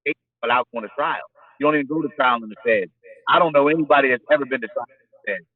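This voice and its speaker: A man's voice: medium pitch, racing. A man speaking as an interview guest, blunt and profane, repeating phrases as he builds his point. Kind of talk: casual interview talk. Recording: phone-like remote audio.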